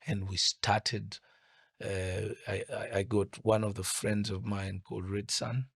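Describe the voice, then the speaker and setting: A man's voice: lowish voice, little pitch movement, measured pace, vocal fry, a bit bright, slightly rough, dry recording, studio quality. A middle-aged man from Uganda, a musician guest telling his story in an interview, reflective and prone to restarting his sentences. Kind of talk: casual interview chat.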